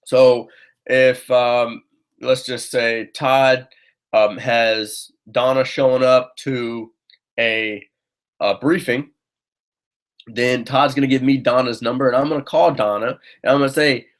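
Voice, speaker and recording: A man's voice: medium pitch, fairly even intonation, a little slow. A man leading a team training session, urging his listeners on, often checking in with "okay?" and restarting his phrases. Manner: coaching, keeps checking in with "okay?"; upbeat and urging. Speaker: sales trainer.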